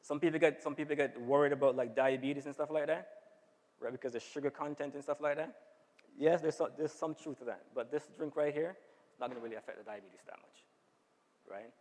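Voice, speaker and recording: A man with a fairly high, slightly mellow voice speaks a little fast as he gives an informal health seminar to a church audience in a church hall. He frequently checks in by asking "right?", heard through long hall reverb.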